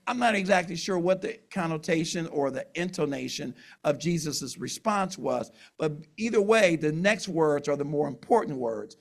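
A man's voice: fairly high pitch, expressive, moderate pace, gravelly, few pauses. A man preaching a conversational sermon, reading scripture aloud and explaining it with asides. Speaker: pastor.

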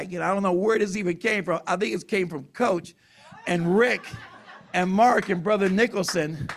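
A man's voice: on the high side, vocal fry. A man preaching a sermon in an earnest, emotional, emphatic way.

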